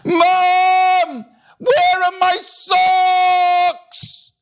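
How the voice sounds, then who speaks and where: A man voicing an excitable young girl in a storybook reading, squealing high and breathless. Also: brisk. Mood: panicked shouting.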